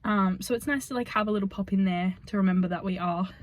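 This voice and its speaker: A young woman chatting casually in a reading vlog, gushing about a book and sometimes dropping to soft whispers. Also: mid-range voice, fast talker. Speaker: book vlogger.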